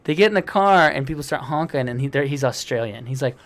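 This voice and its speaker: A man co-hosting a podcast in casual chat, an animated storyteller who acts out quotes. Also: medium pitch, fast, few pauses. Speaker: podcast co-host.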